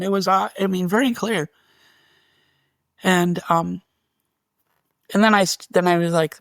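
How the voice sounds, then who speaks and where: A man, a guest on an interview show, telling a story in an animated way and acting out what was said. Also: high-pitched, measured pace, creaky, pauses often, no room sound. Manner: animated, restarts and reenacts dialogue. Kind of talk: storytelling in conversation.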